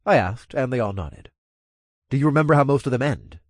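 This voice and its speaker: A man's voice: medium pitch, animated, brisk, dry recording, clean studio sound. A man narrating a story in the first person, blunt and swearing freely. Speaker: narrator and lead character.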